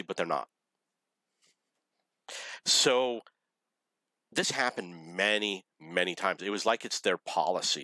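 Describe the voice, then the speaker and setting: A man's voice: lowish voice, pushed and bright, no room sound, poor audio. A man casually telling dating stories in a rambling, self-correcting, wry way. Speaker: storyteller.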